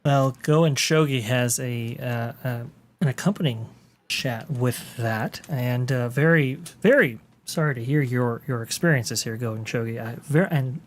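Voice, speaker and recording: Male live stream host, mid-range voice, reads out viewer chats. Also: mid-range voice. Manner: halting, thanking viewers. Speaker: podcast host reading super chats.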